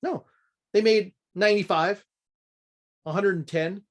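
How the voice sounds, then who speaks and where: A man's voice: high voice, moderate pace. A man from Canada teaching a budgeting course in a casual, candid, self-deprecating way.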